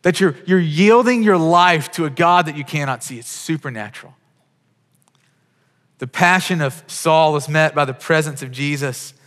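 A man's voice: a little high, moderate pace, fairly bright tone, in a large hall. A man preaching a sermon as a pastor, telling stories with quoted dialogue and frequent restarts.

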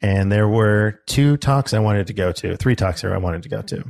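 A man's voice: lowish voice, moderate pace, vocal fry. A young man in casual chat, telling a story about a seminar he went to. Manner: storytelling, quoting a loud instructor in his telling.

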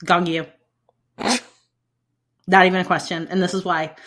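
A woman co-hosting a casual podcast chat, animated, laughing and swearing as she talks. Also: on the low side, normal speed, long pauses. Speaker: podcast co-host.

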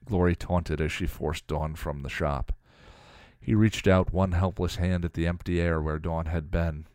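A man co-hosting a podcast and reading fan fiction aloud with a dramatic, expressive delivery. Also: sits low, a little slow, no room sound, studio quality. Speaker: podcast co-host.

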